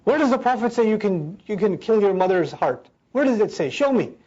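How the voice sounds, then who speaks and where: A woman's voice: medium pitch, expressive, a little fast, darkish tone, breathy edge. Hurt guilt-tripping mom, a man putting her on, bitter and accusing, dull lo-fi sound. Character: hurt, guilt-tripping middle-aged mother. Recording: dull lo-fi recording.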